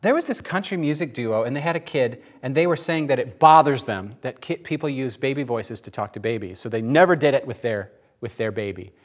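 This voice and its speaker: Man giving an animated, joking sermon. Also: mid-range voice, a little fast, few pauses. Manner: animated, laughs and jokes mid-sentence. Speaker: preacher. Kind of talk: conversational sermon.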